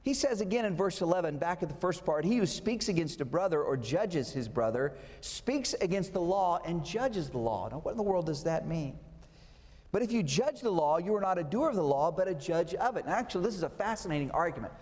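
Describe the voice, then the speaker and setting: A man's voice: high voice, big pitch swings, brisk, a little mellow, in a large hall. A pastor preaching a conversational sermon, asking his listeners rhetorical questions.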